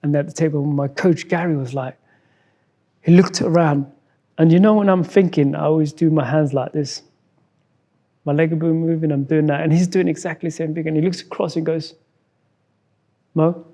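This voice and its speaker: A man from Somalia, a guest in an interview, telling a personal story in a halting way, repeating words and acting out what others said. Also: a little high, steady tone, dark tone. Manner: halting, repeats words, acts out quoted dialogue.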